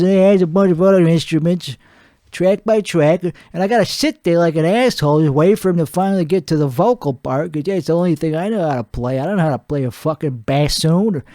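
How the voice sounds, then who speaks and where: Guy doing a crude washed-up singer character, high-ish strained voice, rambling rant, dry close sound. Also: darkish tone, dry recording. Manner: crude, rambling, boastful, self-mocking. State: weak strained voice from singing. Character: brash crude washed-up male singer-comedian, middle-aged. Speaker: comedy show host. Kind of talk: improvised comedic rant.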